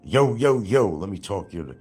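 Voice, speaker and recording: A man's voice: lowish voice, big pitch swings, normal speed, a little mellow, slightly rough, pitched above the performer's own voice. A man putting on the voice of a swaggering young male street tough, mocking him with showy slang greetings.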